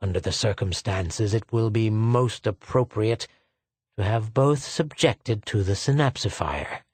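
Menacing villain read by a man, low and slow, contemptuous. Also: darkish tone, husky, no room sound. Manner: contemptuous, mocking, deliberate. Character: sneering cruel male official, slow and menacing.

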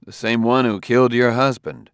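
A man's voice: mid-range voice, steady tone, normal speed, creaky, dry recording, studio quality, voice pushed up, natural voice. A male audiobook reader voicing a stern, tired middle-aged detective who reasons tersely. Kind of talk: audiobook character voice.

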